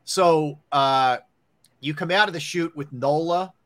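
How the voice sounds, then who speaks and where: A man's voice: on the high side, unhurried, fairly bright tone. Male sports talk host, casual, steers segments. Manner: conversational, steers the show to breaks and segments.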